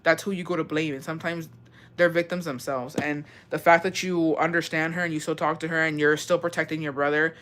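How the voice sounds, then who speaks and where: A young woman from Texas, in her twenties, reads viewer stories and responds emotionally with free swearing in a casual chat. Her voice is deep and a bit bright, with fairly even intonation and a brisk pace.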